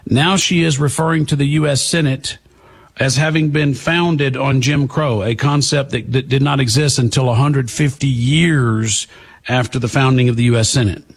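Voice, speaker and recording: A man's voice: medium pitch, steady tone, moderate pace, slightly rough. A man hosting a political talk show, delivering sarcastic, emphatic commentary. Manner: sarcastic, emphatic, talks back to clips. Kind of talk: opinionated commentary.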